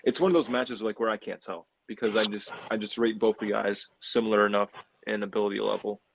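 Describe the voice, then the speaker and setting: A man appearing as a guest, giving measured, hedging analysis of an armwrestling match with many "um"s. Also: fairly low pitch, fairly even intonation, vocal fry, a little hiss or hum, low-quality recording. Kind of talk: casual chat.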